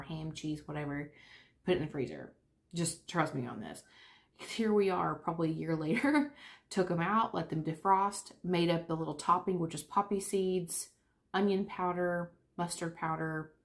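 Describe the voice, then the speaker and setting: A young woman chatting casually to camera while eating lunch. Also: fairly low pitch. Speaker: vlogger. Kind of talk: casual chat.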